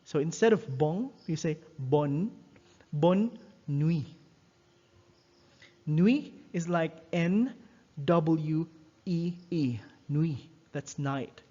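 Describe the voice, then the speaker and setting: Man, language teacher, slow and careful, slightly high voice, dull lo-fi sound. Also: warm tone. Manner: slow, careful, repeats phrases for students to copy. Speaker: French teacher. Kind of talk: recorded language lesson.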